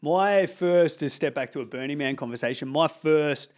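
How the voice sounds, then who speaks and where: A man's voice: a little high, moderate pace. An Australian man hosting a podcast, chatting casually and rambling through stories with lots of swearing and fillers. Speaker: podcast host. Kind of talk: casual chat.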